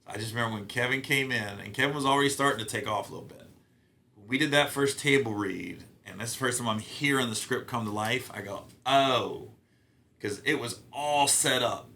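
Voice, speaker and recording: A middle-aged man from Ohio, a guest comedian telling stories in a casual, profane, animated way. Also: mid-range voice, fairly quick. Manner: animated, profane, acts out quotes. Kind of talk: casual storytelling interview.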